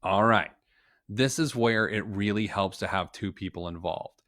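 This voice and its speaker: A man's voice: fairly low pitch, a little slow, a bit bright, no room sound, studio quality. A man who is a financial planner, teaching budgeting in a casual live-stream tutorial, chatty and joking with frequent asides.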